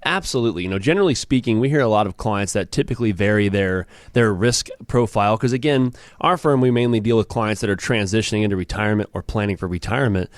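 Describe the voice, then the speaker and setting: Low fast-talking male financial advisor. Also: no echo. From Southern California. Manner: relaxed, with frequent fillers and restarts. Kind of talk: casual radio chat.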